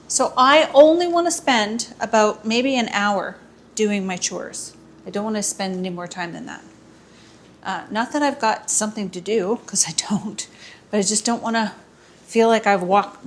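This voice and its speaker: Woman, casual cleaning vlog, rambling, self-mocking, home indoors and yard, camera mic. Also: mid-range voice. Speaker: vlogger, housewife. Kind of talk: casual chat while cleaning.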